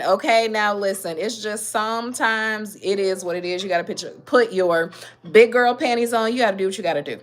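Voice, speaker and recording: A woman hosting a mental health talk, speaking emphatically and directly to her listeners. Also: mid-range voice. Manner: emphatic, preachy, talks straight to listeners. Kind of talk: casual motivational talk.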